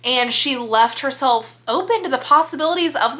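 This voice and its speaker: Bright-voiced chatty young woman vlogger. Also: high voice, moderate pace, few pauses. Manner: gushing, chatty, many restarts and "like". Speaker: book vlogger. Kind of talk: casual vlog chat.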